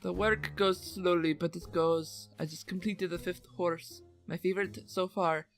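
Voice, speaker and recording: Lady reading as a moody heartsick carver guy, hammy accent, soft music behind. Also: on the low side, fairly even intonation, normal speed, natural voice. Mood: yearning. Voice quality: wrong-accented, theatrical. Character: brooding lovesick male carousel carver. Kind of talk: dramatic reading of a letter.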